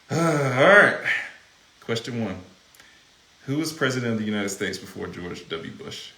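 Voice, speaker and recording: Animated man asking quiz questions. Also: medium pitch, slow pace, creaky. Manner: animated, joking. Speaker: vlogger co-host, quiz asker. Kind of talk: casual live-stream chat. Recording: echoey room with faint noise.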